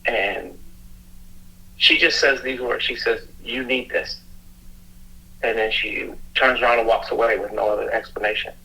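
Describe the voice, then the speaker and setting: A middle-aged man, a police officer, telling a personal story in a halting, earnest way, often restarting his sentences. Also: on the low side, fairly even intonation, gravelly, bright, forceful tone, low-quality recording. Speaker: police officer and youth mentor, guest.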